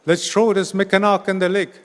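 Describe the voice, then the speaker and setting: Eager village elders in an oral folk tale, as a storyteller puts them on, talking a little above his usual pitch in a plain, matter-of-fact way. The sound rings in a large hall. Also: level tone, fairly quick, a bit bright.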